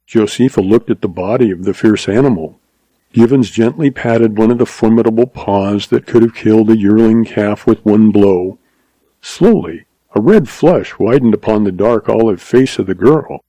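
A man narrating a story in a measured, expressive reading. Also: lowish voice, dry recording, poor audio.

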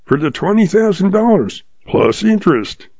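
A man voicing a calm, sly old western outlaw who talks in a patient folksy drawl, in a storybook reading. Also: sits high, moderate pace, vocal fry, breathy edge, dry recording, voice pushed up, heavily acted. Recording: dull lo-fi sound.

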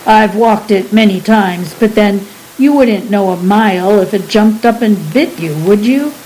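A woman's voice: medium pitch, unhurried, mellow, a little hiss or hum, natural voice, low-quality recording. A woman voicing a huge, furry male beast who fires off impatient, scolding questions in a storybook reading. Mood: scornful.

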